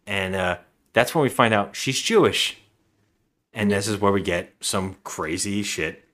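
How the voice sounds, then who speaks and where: Male podcast co-host, lowish voice, rambling casual recap. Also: unhurried, fairly bright tone. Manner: rambling, acts out lines in voices. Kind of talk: casual movie recap chat.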